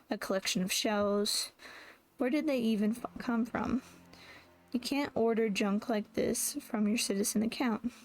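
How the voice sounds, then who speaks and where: A woman's voice: on the high side, a little mellow. Woman reading a novel aloud, with restarts. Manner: reads with frequent restarts and self-corrections. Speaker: audiobook reader. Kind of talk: first-person novel narration.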